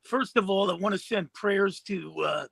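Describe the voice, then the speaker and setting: High, bright-voiced male co-host. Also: moderate pace, gravelly, dry recording. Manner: storytelling, colorful comparisons. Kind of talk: casual sports talk.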